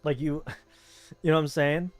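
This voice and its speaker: A man's voice: on the high side, fairly even intonation, unhurried, dry recording, soft background music. A man from Southern California with a Southern Californian accent, streaming a game and chatting casually in a rambling, laid-back way. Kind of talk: casual chat while gaming.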